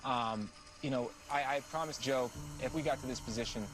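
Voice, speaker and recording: A man speaking as a reality show contestant in a confessional interview. He talks quickly but sounds measured and a little hesitant, often pausing on fillers. Music plays clearly underneath his voice. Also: mid-range voice. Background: background music.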